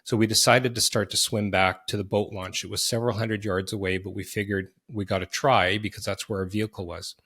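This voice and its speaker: A middle-aged man hosting a podcast, earnestly telling a personal story in vivid detail with quick restarts. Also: fairly low pitch, flat delivery, a bit bright, breathy edge. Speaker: podcast host.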